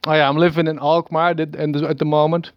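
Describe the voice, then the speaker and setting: A man's voice: fairly high pitch, little pitch movement, fast talker, clear, resonant tone, no echo, muffled recording. A Dutch man in his thirties with a Dutch accent, talking in a hesitant, rambling monologue full of stammered restarts and small chuckles. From Netherlands. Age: 30s. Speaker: video maker. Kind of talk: rambling self-recorded monologue.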